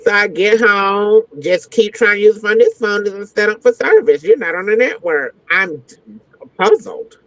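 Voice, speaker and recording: A woman's voice: medium pitch, expressive, normal speed, dry recording. A woman guest entertainer telling a story in a frank, profane, slang-heavy way. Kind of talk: animated storytelling. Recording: dull lo-fi, dry sound.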